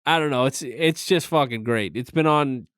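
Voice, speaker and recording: This podcast co-host is a man with a mid-range, slightly bright voice who speaks at a normal speed. He chats casually, swearing often and laughing a lot. The studio-quality recording has no room sound.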